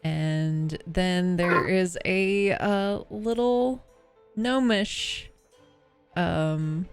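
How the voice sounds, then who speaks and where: A woman's voice: lowish voice, very slow, faint music behind. A woman narrating as game master of a tabletop game, hesitant and full of fillers.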